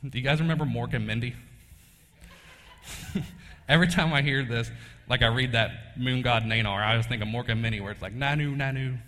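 A man's voice: medium pitch, steady tone, a little fast, pauses often, pushed and bright. A man, preaching a casual sermon and telling a personal story in a folksy way, laughing often. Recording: long hall reverb.

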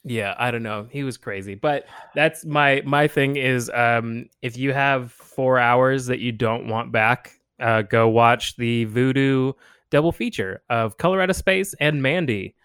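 A man in casual podcast chat, energetic and laughing, who jumps into exaggerated voices to act out quotes. His voice sits at an average pitch and is close-miked and dry, with no room sound. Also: a little slow, smooth, no room sound. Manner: animated, laughing storyteller who acts out quotes; swears freely. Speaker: podcast co-host.

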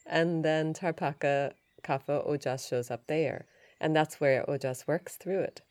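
A woman hosting a yoga and Ayurveda podcast, telling a story in a chatty, animated way. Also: deep voice, measured pace, no room sound, clean studio sound. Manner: chatty, animated retelling with laughs and restarts.

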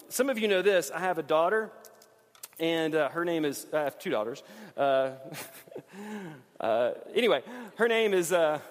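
Man preaching, booming then hushed, hall reverb. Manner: swings from loud rising emphasis to quiet low intensity. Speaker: pastor. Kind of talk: sermon.

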